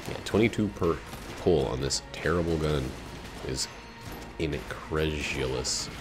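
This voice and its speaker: A man casually commenting while he streams a video game, rambling, joking and breaking into excited outbursts. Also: very deep voice, a little slow, music in the background. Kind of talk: casual let's-play commentary.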